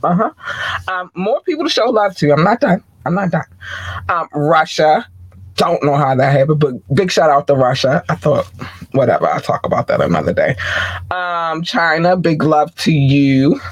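A man hosting a podcast, giving playful, slangy, chatty shout-outs to his listeners. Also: fairly high pitch, big pitch swings, normal speed, breathy edge, dry recording, low-quality recording. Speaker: podcast host. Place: room with several screens.

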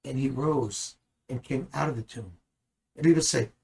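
A man's voice: mid-range voice, normal speed, creaky, husky, poor audio. A man teaching the Bible in a conversational way, earnest and at times emphatic. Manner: earnest, rising to emphatic bursts.

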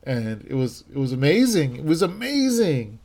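A man in his thirties talks in a loose, rambling way, piling up fillers and restarts. His voice is mellow and dark in tone, and his enthusiasm comes through as he chats casually. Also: a little high, very animated, moderate pace, vocal fry. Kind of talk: casual chat.

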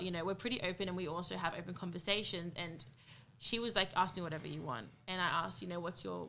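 Earnest bright-voiced New woman. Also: lowish voice, creaky, a little hiss or hum. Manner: earnest, heartfelt, retells friend's words. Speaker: podcast co-host. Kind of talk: candid podcast conversation.

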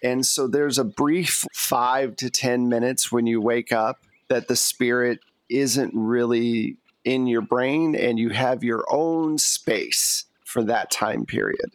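A man who is the game master, narrating a tabletop role-playing game in a measured storytelling manner. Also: mid-range voice, steady tone, no room sound.

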